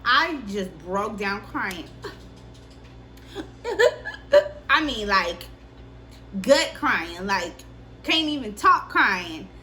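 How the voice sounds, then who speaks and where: A young woman casually telling a personal story on her vlog, candid and profane, with lively delivery. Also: mid-range voice, takes it slowly, slight background noise. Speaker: vlogger.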